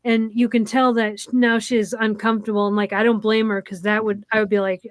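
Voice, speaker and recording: A woman's voice: medium pitch, little pitch movement, brisk, few pauses, no room sound. A woman co-hosting a show, casually retelling a TV episode scene by scene with frequent ums and quoted dialogue. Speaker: podcast co-host. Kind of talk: casual chat recapping a TV episode.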